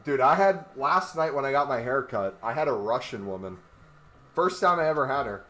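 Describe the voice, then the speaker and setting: A man's voice: medium pitch, lively intonation, normal speed, pushed and bright. A man chatting casually on a gaming livestream, rambling and joking while he walks on a walking pad. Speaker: gaming streamer.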